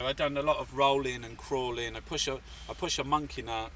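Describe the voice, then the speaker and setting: A man's voice: fairly high pitch, fairly quick, few pauses, sharp tone, far from the mic. Rambling, swearing man from England. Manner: rambling, swearing, full of fillers. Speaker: artist and activist guest. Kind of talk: casual storytelling interview.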